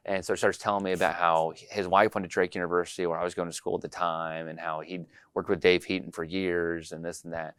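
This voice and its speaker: A man's voice: low voice, little pitch movement, fast talker, hardly any pauses, a bit bright, clear, resonant tone, no room sound. A young man in his twenties from Iowa, a state politician telling campaign stories in a rambling interview with many fillers. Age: 20s. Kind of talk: casual interview storytelling.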